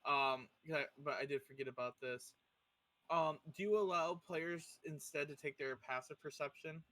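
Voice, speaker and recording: A young man playing a tabletop game, eager and jokey, asking quick questions. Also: on the high side, sharp tone, no room sound. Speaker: player.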